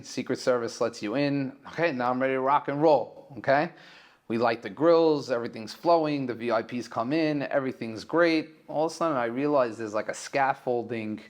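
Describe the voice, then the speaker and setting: Man, New York accent, podcast guest, excited storyteller, mid-pitched voice. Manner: acts out dialogue in raised voices, fast and excited. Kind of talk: animated storytelling.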